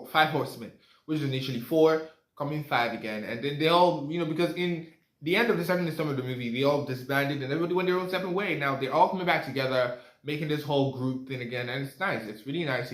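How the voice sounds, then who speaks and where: A man's voice: mid-range voice, fast talker. Chatty young man in an echoey room. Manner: rambling, chatty, lots of fillers and asides. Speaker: movie reviewer. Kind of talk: casual spoken movie review.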